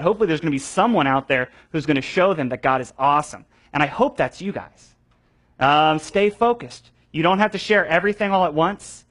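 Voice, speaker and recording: A young man with a slightly higher voice, teaching a room of volunteer teachers. He talks in a loose, animated way, full of fillers and quick restarts, and slips into playful voices to act out students. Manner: acts out voices of students for effect. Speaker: children's ministry trainer. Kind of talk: teaching a training session.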